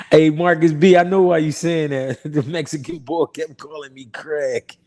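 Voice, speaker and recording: A man's voice: on the high side, steady tone, unhurried, a little mellow. A man hosting a live boxing talk stream in casual, slangy chat, reading viewer comments and laughing often. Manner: laid-back, slangy, laughs often, repeats himself.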